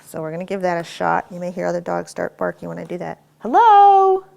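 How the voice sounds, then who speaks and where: A woman with a low, gravelly voice teaches dog training at home. She talks viewers through each step and breaks off now and then to give the dog short, firm commands. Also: monotone, quick pace. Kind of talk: instructional dog training demonstration. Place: inside a house.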